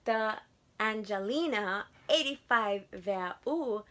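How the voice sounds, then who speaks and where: A woman's voice: medium pitch, expressive, takes it slowly, fairly bright tone. A woman in her twenties with a Spanish accent, chatting to camera in a casual haul vlog, gushing and repeating words for emphasis. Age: 20s. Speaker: vlogger.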